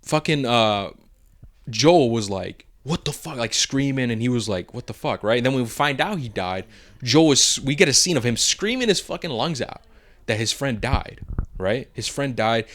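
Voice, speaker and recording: A man's voice: mid-range voice, lively intonation, normal speed, a bit bright. A man co-hosting a podcast, chatting casually and animatedly through a movie spoiler review, laughing often and acting out quotes. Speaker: podcast co-host.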